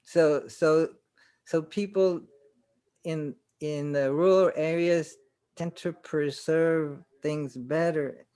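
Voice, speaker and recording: A man's voice: a little high, steady tone, slow, dark tone, clean tone. A man taking part in an online discussion group who speaks hesitantly, with many fillers and repeated words, over a video call. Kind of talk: casual conversation.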